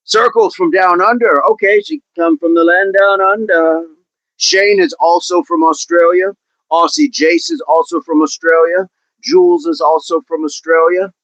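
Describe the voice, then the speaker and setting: A man talks with viewers as a fitness coach on a livestream, keeping an upbeat, encouraging tone and repeating his phrases. His voice sits a little high for a man. The sound is dull and dry, with no room echo. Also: expressive, normal speed, fairly bright tone.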